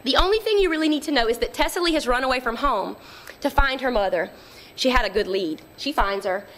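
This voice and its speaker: Lady author chatting about her book then reading it, conversational, slightly high voice. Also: expressive, fairly quick, a bit bright. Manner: conversational, explains plainly before reading.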